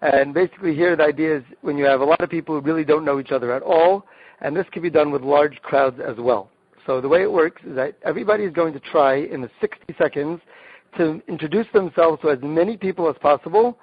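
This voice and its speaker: A man, a rabbi, talks through icebreaker games with eager energy, his voice sitting a little high for a man. He restarts his sentences often as he explains. The sound is lo-fi and muffled, with no room echo at all. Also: slightly rough. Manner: enthusiastic explainer, frequent restarts. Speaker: rabbi, guest. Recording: dull, dry lo-fi sound.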